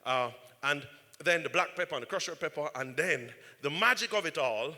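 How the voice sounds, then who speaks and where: Bright-voiced preacher in a reverberant church. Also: male voice, on the high side, moderate pace. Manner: animated, repeats "right?". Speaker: pastor. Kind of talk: storytelling sermon.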